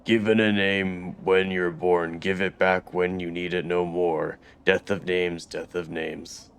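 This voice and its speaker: A man voicing an addled male dustman in a computer game, speaking in a slow, repetitive sing-song. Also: low voice, little pitch movement, slight background noise. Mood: eerie sing-song.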